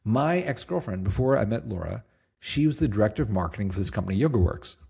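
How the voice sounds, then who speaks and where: Low, husky-voiced man telling a story. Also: fast talker. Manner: lively storyteller, acts out quotes, laughs easily. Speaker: guest, company CEO. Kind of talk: casual storytelling interview.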